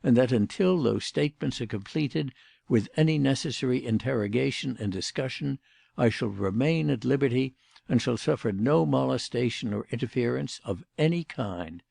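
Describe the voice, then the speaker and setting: A man's voice: medium pitch, animated, moderate pace, gravelly, a little mellow, no echo, studio quality. A man voicing a cold, passionless suspect. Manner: passionless and formal. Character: cold, commanding male suspect.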